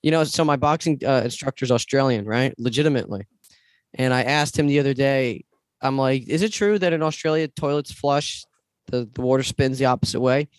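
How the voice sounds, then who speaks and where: A man's voice: medium pitch, a little fast, no echo. A man co-hosting a casual podcast chat, joking and crude, often laughing. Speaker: podcast co-host.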